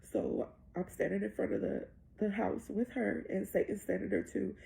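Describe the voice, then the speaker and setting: A woman with a very gravelly, dark, mellow voice recounts a dream as personal testimony. She tells it earnestly and breathlessly and quotes each exchange as she goes. Her tone is heartfelt and conversational. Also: medium pitch, fairly even intonation, moderate pace. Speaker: mother telling of a dream.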